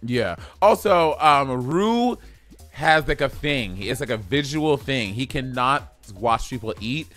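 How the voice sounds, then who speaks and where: A man's voice: medium pitch, lively intonation, measured pace, a bit bright, faint music behind. A man co-hosting a casual TV review chat, blunt and sassy, with lots of cursing. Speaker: co-host of a TV review show.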